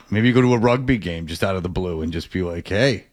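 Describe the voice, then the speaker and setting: A man's voice: low voice, brisk, darkish tone, dry recording. A man co-hosting a podcast, chatting casually with jokey, rambling asides and restarts. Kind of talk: casual chat.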